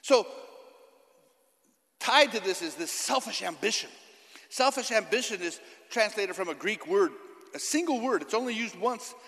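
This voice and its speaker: A man preaching a sermon in church as the pastor, impassioned and building to loud emphatic declarations. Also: sits high, animated, normal speed, creaky, long pauses. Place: church hall. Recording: hall reverb.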